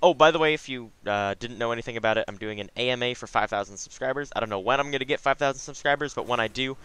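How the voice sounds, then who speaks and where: Bright-voiced young man commenting gameplay. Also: mid-range voice, rapid-fire, clear, resonant tone. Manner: relaxed, chatty, frequent ums and asides.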